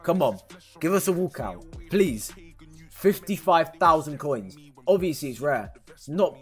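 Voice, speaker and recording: A man, commenting excitably as he opens football game packs for his stream viewers and yelling at big pulls. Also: fairly high pitch, unhurried, faint music behind. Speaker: gaming streamer. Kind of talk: excitable pack-opening commentary.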